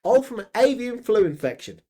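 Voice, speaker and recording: A man with a northern English accent, co-hosting a casual chat with animated, jokey banter. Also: very high voice, a little fast. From England. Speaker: co-host.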